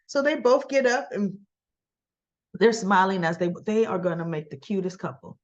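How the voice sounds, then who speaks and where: A woman casually retelling soap opera scenes, acting out both sides of the dialogue and often clearing her throat. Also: medium pitch, normal speed, dull audio. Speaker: soap opera recap vlogger.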